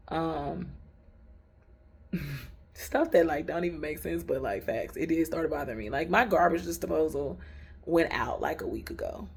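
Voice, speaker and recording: A woman's voice: lowish voice, creaky. A woman telling her faith story in a casual vlog from a hotel room, chatty, candid and emphatic, laughing often. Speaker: vlogger.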